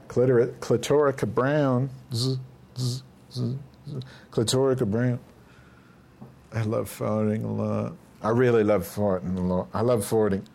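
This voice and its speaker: Hosting a live show, a man rambles crudely and profanely to himself while testing his lavalier and stand microphones. His voice is fairly low in pitch, with a darkish, slightly rough tone.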